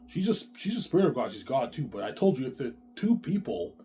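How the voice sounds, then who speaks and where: A man's voice: medium pitch, big pitch swings, brisk, mellow, slight background noise. A man talking on his own in a long, rambling, repetitive monologue, with heavy swearing and slang. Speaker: vlogger.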